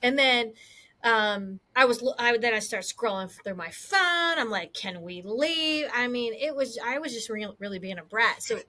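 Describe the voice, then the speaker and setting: A woman co-hosting a casual chat podcast, telling stories in an animated, self-mocking way. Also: a little high, normal speed. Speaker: podcast co-host.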